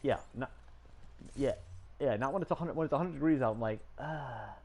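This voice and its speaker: A man's voice: mid-range voice, brisk, a little hiss or hum. Rambling man telling stories. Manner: rambling storyteller, laughs often, animated quoted voices. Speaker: gaming streamer. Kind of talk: casual chat while gaming.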